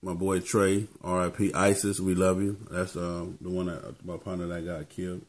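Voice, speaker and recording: A man's voice: low voice, little pitch movement, normal speed. A man giving casual motivational talk as a vlogger, laid-back and tacking "man" onto his phrases.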